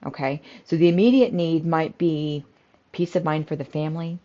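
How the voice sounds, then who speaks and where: Middle-aged woman teaching in a calm chatty way, lots of ums, kinda low voice, a bit muffled lo-fi sound. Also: moderate pace. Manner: calm, conversational coaching with frequent fillers. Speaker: home care business owner and trainer. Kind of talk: instructional talk to camera. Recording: slightly dull, lo-fi audio.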